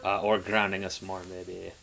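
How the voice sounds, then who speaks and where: A man's voice: deep voice, level tone, normal speed, vocal fry, pushed and bright. A man co-hosting a reaction show, chatting casually in a rambling, laid-back way with lots of fillers. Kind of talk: casual chat.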